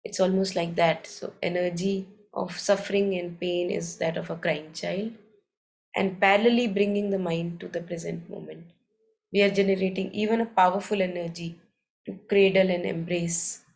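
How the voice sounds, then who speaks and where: A woman leading a morning meditation, reading passages aloud and reflecting on them in a calm, unhurried, thoughtful way. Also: on the low side, gravelly, low-quality recording. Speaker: meditation session leader.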